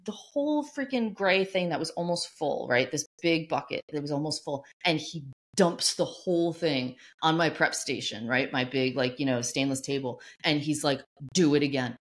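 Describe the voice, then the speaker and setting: A woman's voice: low voice, normal speed. A woman cohosting a podcast, telling stories in a rambling, casual way, full of "like" and "you know". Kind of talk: casual storytelling chat.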